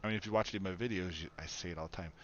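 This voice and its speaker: Streaming a farming game, a man with a low voice talks at a racing clip, rambling casually and laughing often. It's live-stream commentary picked up on a dull lo-fi mic with faint background noise.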